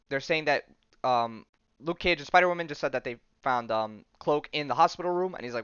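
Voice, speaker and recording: Man, podcast host, casual rambling recap, lots of filler words, bright and clear voice, dull lo-fi dry sound. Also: medium pitch, brisk, no echo. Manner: rambling, heavy use of "like" and "um"; enthusiastic slang, says "dude" and "bro".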